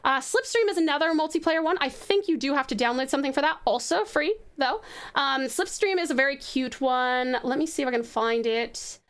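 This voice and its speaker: A woman's voice: high-pitched, brisk. A woman from Tasmania hosting a casual live stream, chatty and affectionate with her viewers. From Tasmania, Australia.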